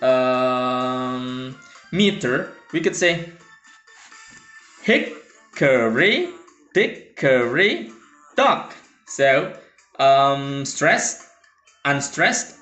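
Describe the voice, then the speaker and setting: Slow, hesitant male teacher. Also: fairly high pitch, a bit bright. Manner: hesitant, many fillers, reads lines aloud rhythmically. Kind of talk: lecture explaining poetry. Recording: roomy with faint music.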